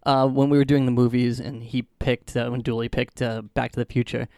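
A man's voice: mid-range voice, level tone, a little fast, dark tone, smooth, no echo, clean studio sound. A man co-hosting a podcast, joking around, laughing often and repeating words as he gets going. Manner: jokey, laughs a lot, repeats words as he starts. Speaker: podcast co-host. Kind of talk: casual podcast banter.

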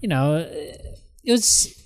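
A man in casual film chat, rambling with many restarts and acting out lines from scenes. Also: takes it slowly. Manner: rambling, animated, acts out quotes.

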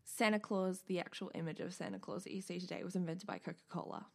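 Chatty woman with gravelly fry. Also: fairly low pitch, quick pace. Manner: chatty, swears freely, animated retellings. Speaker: podcast co-host. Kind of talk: casual chat.

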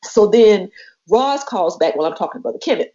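Speaking a little fast at medium pitch, a woman tells a personal story on the podcast she co-hosts. Her manner is casual and animated as she voices the people she quotes, over slightly muffled lo-fi sound.

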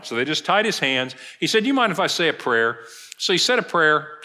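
A man's voice: fairly high pitch, sing-song, a little fast, bright, forceful tone. A middle-aged male pastor preaching a sermon, retelling a story and acting out the quoted lines.

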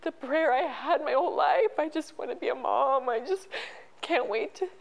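A middle-aged woman telling a personal story as an interview guest, halting and emotional, with many restarts. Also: high-pitched, creaky, rough recording. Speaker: podcast guest.

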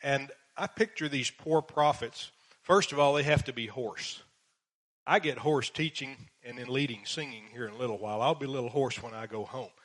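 A man's voice: mid-range voice, normal speed, a bit bright. Earnest man teaching a verse-by-verse sermon. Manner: earnest, emphatic, reads scripture in King James English. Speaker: preacher and Bible teacher. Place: church.

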